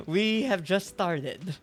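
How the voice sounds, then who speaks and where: A man's voice: high-pitched, expressive, drawn-out words, soft background music. A man streaming a game, chatting casually, laughing and reading text aloud. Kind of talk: casual gameplay commentary.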